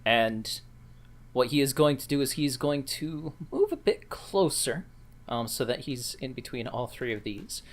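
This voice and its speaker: A man's voice: medium pitch, animated, unhurried. A man playing a tabletop role-playing game, methodically describing his spell and reading out his rolls. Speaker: player. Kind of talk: casual tabletop play.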